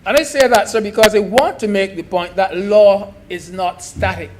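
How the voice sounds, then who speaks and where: A man's voice: sits high, normal speed, noisy background. A man giving an emphatic speech in a senate debate, repeating key phrases and addressing the chair as sir.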